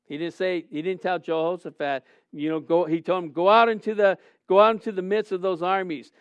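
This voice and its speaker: A middle-aged man delivers a sermon as a pastor in a high, smooth voice. He swings between hushed and loud passages and restarts his sentences often. The recording is dry and slightly dull. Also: fairly even intonation, a little fast, no echo. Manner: earnest, swings from soft to loud, many restarts.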